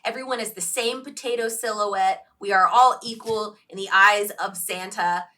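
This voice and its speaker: Woman, 30s, podcast co-host, bright clear tone, teasing and sarcastic. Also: mid-range voice, moderate pace. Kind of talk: casual chat.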